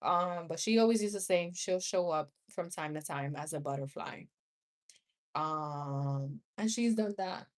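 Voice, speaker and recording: Woman, 30s, New York accent, unhurried chatty live-streamer who laughs a lot between tangents. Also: sits low. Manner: chatty, laughs often, rambling asides. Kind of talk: casual live-stream chat with viewers. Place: home room.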